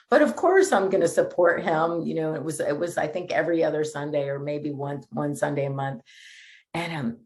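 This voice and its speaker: A middle-aged woman preaching a sermon, her voice sitting a little low. She talks in a chatty, animated way and keeps laughing as she goes. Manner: lively, conversational, laughs often. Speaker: minister.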